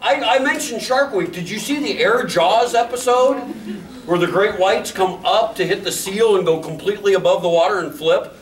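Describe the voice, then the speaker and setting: A man hosting a convention panel, telling a funny dog story with loud sound effects and laughter. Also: high-pitched, moderate pace. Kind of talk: humorous anecdote on a panel. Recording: echoey hall, distant mic, room noise.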